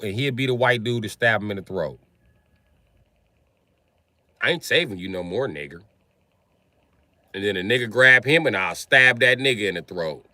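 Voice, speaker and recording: A man's voice: medium pitch, pushed and bright, dry recording. A man ranting casually on a livestream, with profane, slangy, streetwise storytelling.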